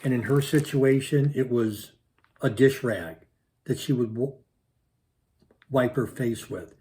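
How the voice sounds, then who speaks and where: A man hosting his own channel, telling a personal story to his viewers in an animated, repetitive way with punchy sound words. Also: medium pitch, slow pace. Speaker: channel host.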